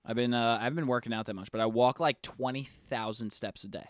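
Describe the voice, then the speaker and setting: A young man co-hosting a casual chat, playful and teasing, quick to agree. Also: medium pitch, no room sound, clean studio sound. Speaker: podcast co-host.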